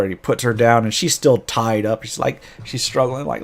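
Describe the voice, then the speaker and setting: A man's voice: mid-range voice, steady tone, normal speed, hardly any pauses. A man game master casually retelling a tabletop campaign, rambling with frequent restarts.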